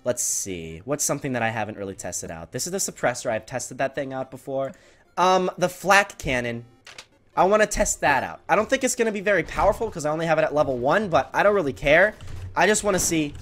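A man giving excitable live commentary over his own gameplay, often shouting and repeating himself when hyped. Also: on the high side, fairly quick, faint music behind. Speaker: gaming video creator.

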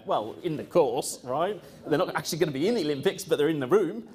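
A man with a slightly high voice talks fast, barely pausing, as he recounts events in loose, chatty fashion, rambling, restarting and filling gaps with ums and uhs. He's lively and slips into other people's voices to quote them. A faint hiss or hum is audible.

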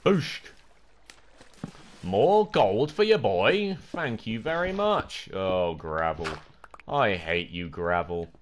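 Slow and on the low side, this young man's voice carries a little hiss or hum in the recording. He's a British gaming streamer giving casual live commentary, excitable and jokey, addressing his viewers and yelping at sudden scares.

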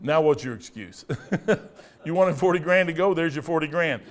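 This American pastor in his sixties has a Midwestern accent and a slightly high voice at normal speed. He delivers a sermon in a folksy, rambling manner, telling stories and wandering into asides.

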